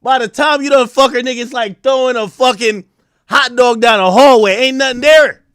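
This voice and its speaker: High-voiced man ranting crudely to chat. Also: moderate pace, clean tone, dry recording, studio quality. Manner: animated, crude, bursts into shouting. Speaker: live streamer. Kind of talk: profane live-stream rant to chat.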